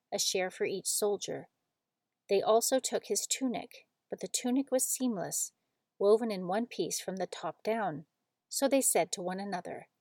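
A woman reading scripture aloud in a measured, solemn narration. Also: medium pitch, a little mellow, no echo. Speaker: scripture reader.

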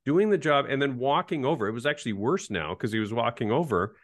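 A man's voice: medium pitch, quick pace, no echo. A man in his fifties, an ergonomics professor, telling self-deprecating work stories as an interview guest. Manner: animated anecdotal, self-deprecating. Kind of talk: casual interview storytelling.

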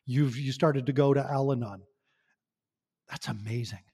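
A man's voice: medium pitch, normal speed, warm tone, breathy edge, big-room sound. A man talking as a podcast guest, passionate and emphatic, asking rhetorical questions. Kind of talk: conversational podcast talk.

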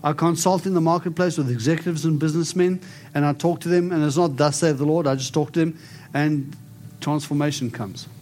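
Faint music plays behind a man preaching and prophesying to his congregation, emphatic and coaxing replies. His voice runs on the high side and darkish, brisk, with fairly even intonation.

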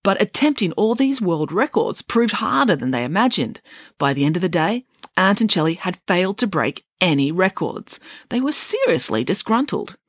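A woman reading a children's bedtime story with playful, deadpan humour. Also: fairly low pitch, normal speed, no echo, studio quality.

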